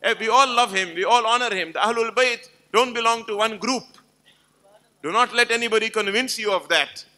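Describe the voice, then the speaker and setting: The Islamic lecturer talks fairly quickly in a sharp tone, his voice sitting high. At a live gathering he gives an emphatic religious lecture, narrating stories and putting rhetorical questions to those present.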